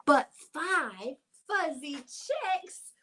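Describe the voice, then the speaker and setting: A young woman leading a toddler storytime, reading picture books and rhymes in a playful sing-song voice with soft hushed asides. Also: sits high, very animated, extremely slow. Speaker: children's librarian.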